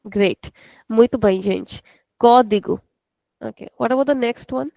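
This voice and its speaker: A woman's voice: on the high side, moderate pace, creaky, dark tone, dry recording, low-quality recording. A woman with an Indian English accent teaching a language class online, explaining step by step and correcting students. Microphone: video call.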